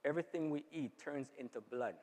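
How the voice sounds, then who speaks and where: A man's voice: a little high, fairly quick, a little mellow. A man giving an informal health talk to a church audience, often checking in with them by asking "right?". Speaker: health seminar speaker. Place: church hall. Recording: long hall reverb.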